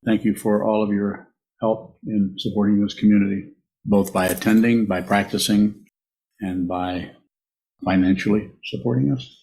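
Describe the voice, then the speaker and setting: A man thanking the audience and asking for support, in a plain, steady way. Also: lowish voice, normal speed, creaky, rough recording.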